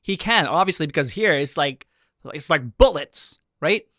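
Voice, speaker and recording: Bright-voiced excitable man reacting to dance. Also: on the high side, normal speed, no echo, studio quality. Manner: excitable, gushing, bursts of shouting and laughter. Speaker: reaction video host. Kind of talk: animated reaction commentary.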